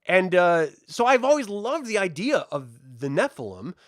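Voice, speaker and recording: A man talks through a film review in a casual, joking way, his voice sitting a bit high and moving up and down a lot. The sound is dry and close, with no room echo. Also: normal speed. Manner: animated, joking, chatty. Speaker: host.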